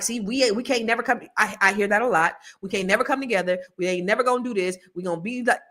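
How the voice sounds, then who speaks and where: A woman hosting a podcast with a bright, clear voice at a middle pitch. Her talk is loose and lively, and she slips into laughing asides. Her delivery feels conversational, not scripted. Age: adult with children. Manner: chatty, laughs often, quick asides. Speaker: podcast co-host.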